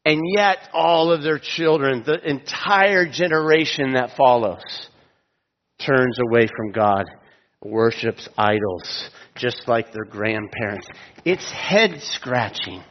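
A man's voice: mid-range voice, lively intonation, slight background noise. A man preaching in a reverberant hall. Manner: storytelling with humorous asides, slowing down for emphasis. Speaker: pastor. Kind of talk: sermon. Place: auditorium. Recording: dull lo-fi sound with long hall reverb.

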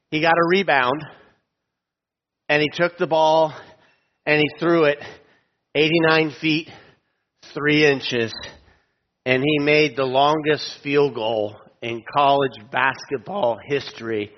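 A man preaching a sermon in an auditorium, telling a story with humorous asides and slowing down for emphasis. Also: mid-range voice. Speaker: pastor. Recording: dull lo-fi sound with long hall reverb.

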